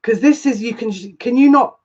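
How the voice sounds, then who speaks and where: A woman's voice: fairly high pitch, dull audio. Emotional gushing woman tarot reader. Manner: emotional and gushing, easily moved; excitable, quick restarts. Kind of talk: live-streamed tarot reading, chatting with viewers.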